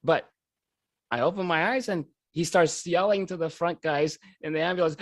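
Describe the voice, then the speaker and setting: A man telling a personal story in an animated way, often breaking into laughter. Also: on the high side, normal speed, no echo, clean studio sound. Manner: lively, animated delivery.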